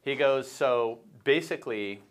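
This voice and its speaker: A man's voice: mid-range voice, unhurried. A man hosting a casual morning talk show, rambling as he retells a book with lots of fillers and restarts. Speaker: show host.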